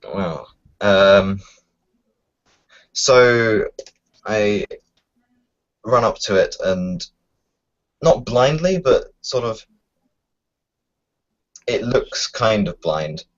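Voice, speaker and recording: Deep, slow, unsure male player. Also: expressive. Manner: unsure, hesitant, thinking aloud. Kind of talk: tabletop game play. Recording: dull lo-fi home recording.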